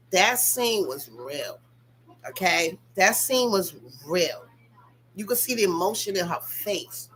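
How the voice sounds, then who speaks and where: A woman's voice: fairly high pitch, bright, forceful tone, a little hiss or hum. A woman vlogger giving casual, emphatic, profane commentary on a reality show, talking straight to her viewers.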